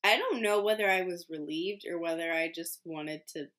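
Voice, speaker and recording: Her voice is fairly low-pitched and fairly bright, at a moderate pace, as this twenty-something medical student chats through a story to the camera. She leans on fillers, mocks herself and laughs a lot, recorded at home with a camera mic.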